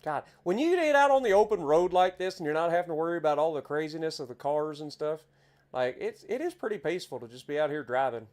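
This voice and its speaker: Appalachian guy chatting away while he streams a truck game, voice sits a bit high, gets worked up over the views. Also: fast talker. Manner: chatty, easily excited, exclaims at scenery. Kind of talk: casual gameplay commentary.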